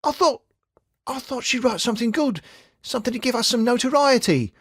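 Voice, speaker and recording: A fretful young detective from the streets, voiced by a male reader, pushed high and tight in the throat. His vowels crack with worry, and the swings in his pitch run wide. The sound is dry and close. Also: lively intonation, a little fast, a bit bright, husky, no echo, heavily acted. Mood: distressed. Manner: high, strained and upset.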